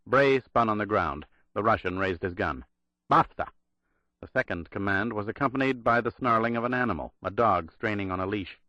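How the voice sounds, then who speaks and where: A man narrating a thriller audiobook in a measured, dramatic read. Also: fairly low pitch, sharp tone, dry recording, lo-fi sound.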